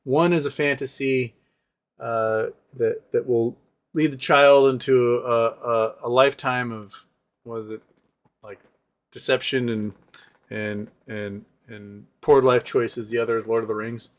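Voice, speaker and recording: A man's voice: medium pitch, fairly even intonation, a little slow. A man hosting a casual livestream, reading viewer comments and answering them in a sarcastic, rambling way with many fillers. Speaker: livestream host.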